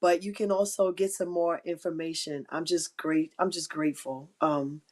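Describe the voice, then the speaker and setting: A middle-aged woman with a somewhat low voice hosts an inspirational faith talk on a live stream. She speaks in a heartfelt, encouraging way and repeats her key phrases. She sounds emotional and close to tears. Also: steady tone, normal speed, darkish tone. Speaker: livestream host.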